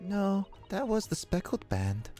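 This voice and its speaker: A man's voice: sits high, very animated, mellow, soft background music, voice pushed up. A man voicing a theatrical, grandiose male detective in a video game read-through. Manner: grandiose, drawn-out declarations.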